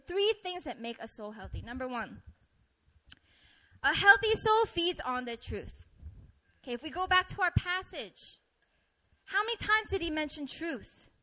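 A young adult woman giving a sermon, telling stories and acting out her own complaints in an animated way. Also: high-pitched, poor audio. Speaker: preacher.

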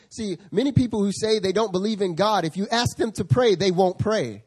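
A male pastor preaching a sermon, telling a story with animated quoted voices. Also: high voice, fairly quick, few pauses, slightly rough. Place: church service.

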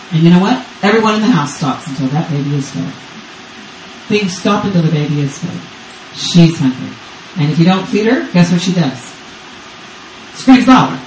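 A Texas grandmother in her fifties preaches as a guest speaker at a church service, with urgent, repetitive call-and-response. Her voice is fairly low, picked up off-mic from a distance with roomy church acoustics and slight background noise.

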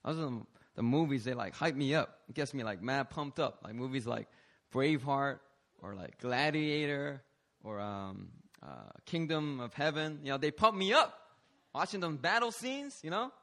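A man preaching a lively, playful sermon, calling out to the congregation for responses. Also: mid-range voice, normal speed. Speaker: pastor.

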